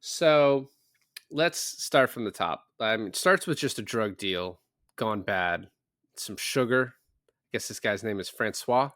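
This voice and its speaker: A man's voice: lowish voice, animated, measured pace, a bit bright, no echo, studio quality. Rambling, jokey man on a podcast. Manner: rambling, jokey, acts out characters' lines. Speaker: podcast co-host. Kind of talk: casual movie review chat.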